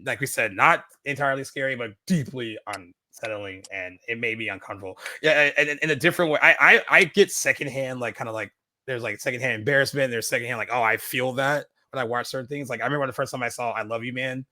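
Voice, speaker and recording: Man, podcast co-host, loose rambling film chat, fast bright voice, dry close sound. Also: mid-range voice, no room sound. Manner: rambling, many fillers and restarts. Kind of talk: casual film review chat.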